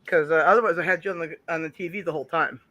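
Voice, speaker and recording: A man chats casually as a call-in guest, cracking jokes and tripping over his restarts. His voice sits high and sounds bright and sharp. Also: fairly even intonation, rapid-fire, muffled recording, slight background noise. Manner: jokey, giggly, stammering restarts. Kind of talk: casual chat.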